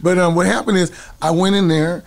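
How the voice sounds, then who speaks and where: A middle-aged man, guest in a casual interview, tells stories from his past, laughing often and breaking into bits of song. His voice is high-pitched and steady, brisk, with vocal fry.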